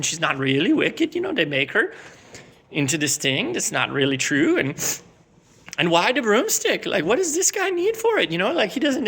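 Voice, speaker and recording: Rambling Midwestern man, gravelly and bright. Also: high-pitched, a little hiss or hum. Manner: rambling, filler-heavy, laid-back storytelling. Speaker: comedic character host. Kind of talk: rambling comedic monologue.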